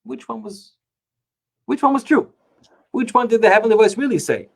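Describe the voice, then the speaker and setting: A man, a rabbi, teaching a Torah class, telling stories with animated rhetorical questions. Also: very high-pitched, moderate pace, gravelly.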